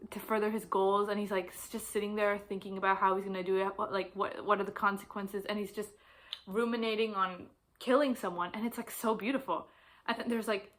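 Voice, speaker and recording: A young woman in a casual book vlog, talking in loose rambles full of fillers and restarts. Her pitch sits at an ordinary middle height for a woman, and she gushes with excitement as she talks. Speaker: book vlogger. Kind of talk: casual chat about books.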